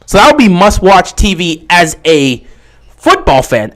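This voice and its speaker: A young man hosts a sports livestream, chatting casually and answering viewer questions from the chat at a measured pace. His voice sits a bit high and swings widely in pitch when he gets worked up. He's animated, riffing with his audience.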